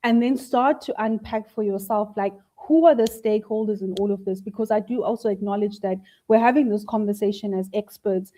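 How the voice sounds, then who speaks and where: A woman's voice: medium pitch, a little fast, few pauses, warm tone, poor audio. A woman on a panel, explaining things conversationally with lots of everyday questions. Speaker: panel speaker.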